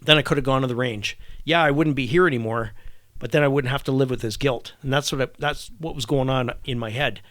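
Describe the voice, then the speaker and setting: A middle-aged man, a retired army warrant officer who is a podcast guest, telling a personal story in a halting, reflective way and often repeating and restarting words. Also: mid-range voice, a bit bright, no echo. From Canada.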